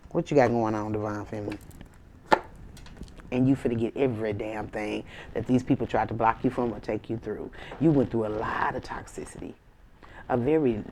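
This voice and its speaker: A woman's voice: very deep voice, warm tone, a little hiss or hum. Emphatic, slangy woman giving a tarot reading. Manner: emphatic, slangy, preachy, with sassy asides. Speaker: tarot reader. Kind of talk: casual spiritual tarot reading to camera.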